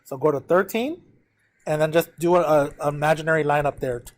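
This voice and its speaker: A man's voice: a little high, fairly quick. A man teaching a math lesson, working through a graph step by step, counting aloud and addressing his students directly.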